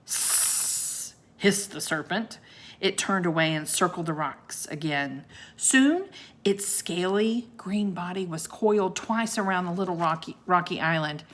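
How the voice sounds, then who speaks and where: A woman reading a children's book aloud like a teacher, unhurried and expressive, with asides to her young listeners. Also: lowish voice. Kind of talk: children's storybook read-aloud.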